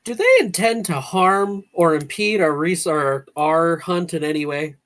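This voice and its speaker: Hesitant tabletop player, lively voice. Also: mid-range voice, unhurried. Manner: hesitant, questioning. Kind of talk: casual play at the table.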